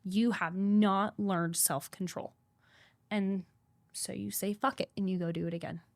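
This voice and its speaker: A woman's voice: mid-range voice, fairly even intonation, a little slow, vocal fry, a little mellow, no room sound. A woman guest on a podcast telling a hard personal story candidly, swearing freely and repeating points for emphasis.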